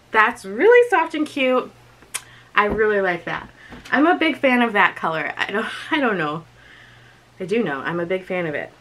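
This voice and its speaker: A woman's voice: a little high, bright, forceful tone, poor audio. A young woman chatting casually through a clothing unboxing and try-on, giggling often and talking to herself as she goes. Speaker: vlogger reviewing a clothing box.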